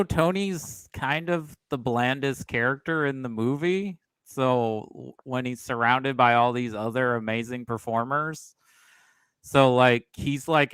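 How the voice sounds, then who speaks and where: A man chatting as a guest on a film podcast, his voice smooth and resonant. The sound is close and dry, with no room around it, and he speaks in a chatty, opinionated way. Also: mid-range voice, a bit bright, no room sound. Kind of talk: casual film discussion.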